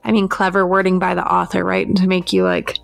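A woman co-hosting a book podcast, talking in a relaxed way with lots of fillers. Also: lowish voice, brisk, vocal fry, dry recording. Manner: relaxed, filler-heavy talk. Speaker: podcast co-host. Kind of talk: casual book discussion.

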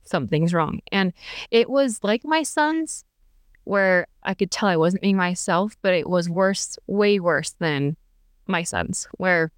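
A young woman speaks candidly about her own life, rambling and chatty with many fillers. Her voice comes through smooth and clean, recorded close and dry with no room sound. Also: mid-range voice, animated, slow, no echo. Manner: chatty, many fillers and restarts, laughs between thoughts. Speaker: podcast guest. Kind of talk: candid personal storytelling.

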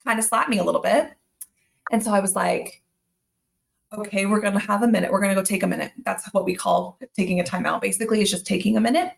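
A woman in her thirties co-hosting a casual parenting podcast, her voice carrying a gravelly edge. She tells family stories in an easy, chatty way and slips in little quoted asides. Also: medium pitch, fast. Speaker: podcast co-host. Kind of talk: casual chat.

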